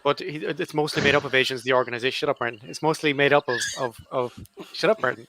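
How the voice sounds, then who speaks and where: A man's voice: medium pitch, racing, few pauses, pushed and bright. A man on a debate panel, speaking in a sardonic, wryly teasing way. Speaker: panel guest, podcaster.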